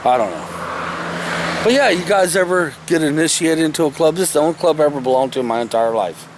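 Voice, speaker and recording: A man's voice: fairly high pitch, animated, fast talker, noisy background. A man telling a story from his past in a rambling, folksy, casual way, recording himself outdoors in the shade of a tree. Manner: rambling, folksy, self-correcting. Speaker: vlogger. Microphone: camera he is handling himself.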